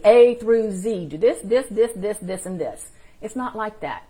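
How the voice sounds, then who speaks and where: A woman hosting a live-streamed spiritual teaching, talking informally and encouragingly, and greeting viewers in the chat by name. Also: medium pitch.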